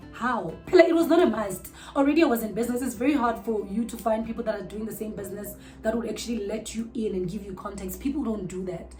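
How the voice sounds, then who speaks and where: A young South African woman telling a storytime vlog with animated, outraged bursts. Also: mid-range voice, fairly quick, soft background music, poor audio. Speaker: vlogger.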